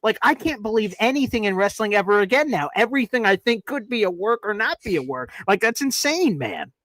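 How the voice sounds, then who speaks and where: A man's voice: high voice, a little fast, no echo. A male sports show host in casual chat, telling stories animatedly and acting out the quotes. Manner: animated storyteller who acts out quotes.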